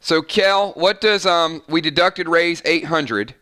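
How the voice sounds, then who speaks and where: Chatty male game master with a bright, crisp voice, easygoing stream talk. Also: fairly high pitch, takes it slowly. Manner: chatty, tallies numbers aloud. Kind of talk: casual live-stream chat running a role-playing game.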